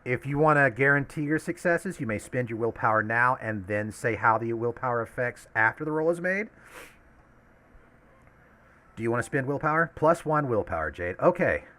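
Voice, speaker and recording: A man's voice: medium pitch, expressive, normal speed, pushed and bright. A man running a tabletop game as game master, explaining rules and laughing often.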